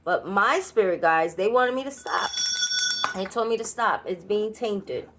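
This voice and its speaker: Slow-talking Nuyorican woman card reader. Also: medium pitch, fairly bright tone, slight background noise. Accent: New York Puerto Rican. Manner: chatty, laughing asides, blunt straight talk. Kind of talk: channeled tarot reading. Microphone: solo creator recording.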